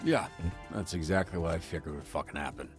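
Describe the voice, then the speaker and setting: A man's voice: low-pitched, brisk, faint music behind. An actor playing an exasperated male team manager in a video game, with a dry, weary way of talking.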